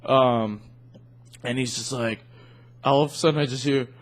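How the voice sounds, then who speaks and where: A man's voice: medium pitch, fairly even intonation, moderate pace. Rambling, swearing young man telling stories. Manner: rambling storyteller, heavy swearing and fillers. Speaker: podcast co-host. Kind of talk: casual chat.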